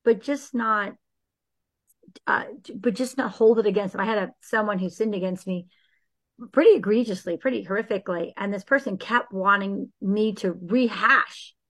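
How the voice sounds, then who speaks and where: A woman speaking as a guest in a faith-based conversation about healing, earnest and animated. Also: medium pitch, moderate pace. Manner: earnest, animated, acts out quoted prayers.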